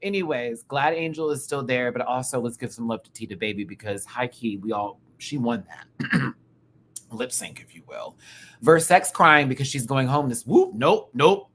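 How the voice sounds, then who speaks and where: A man giving casual live-stream commentary as a show reviewer, animated and campy, with quick asides and laughs. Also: medium pitch, slight background noise.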